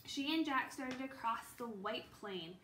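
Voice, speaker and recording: Woman reading a kids' book, steady storyteller, bright, slightly high, roomy recording. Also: measured pace, a little hiss or hum. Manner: steady storytelling with small slips. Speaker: reader. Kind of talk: children's book read-aloud. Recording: roomy with faint ambience.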